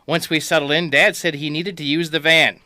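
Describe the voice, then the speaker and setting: A man reading a comic personal story aloud in a wry, deadpan way. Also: on the high side, a little fast, dry recording, clean studio sound.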